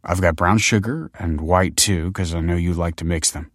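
A desperate, grieving husband, voiced by the audiobook narrator himself. He pleads and stammers in a very deep voice. The sound is dry and close. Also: normal speed, no echo. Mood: pleading. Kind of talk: audiobook character voice.

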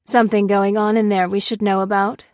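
A woman's voice: mid-range voice, flat delivery, a little mellow, no room sound, close to an everyday voice. Narrator as a wary, careful woman officer, audiobook read, dry. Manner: careful, measured. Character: cautious woman field officer.

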